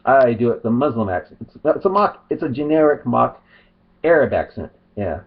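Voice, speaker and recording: A man's voice: medium pitch, expressive, normal speed, narrow, tinny audio. A man ranting in a commentary vlog, repeating himself, restarting his sentences and firing rhetorical questions. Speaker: video blogger.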